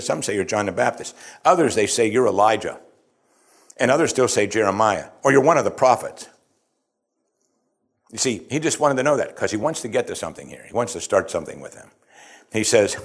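A man preaching an expository sermon, conversational and emphatic, often asking his listeners questions. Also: medium pitch. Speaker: pastor.

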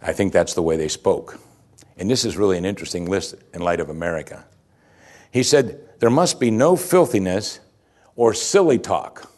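A man preaching a sermon, explaining scripture in an animated way with chuckling asides and emphatic rising peaks. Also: low voice, moderate pace. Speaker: pastor.

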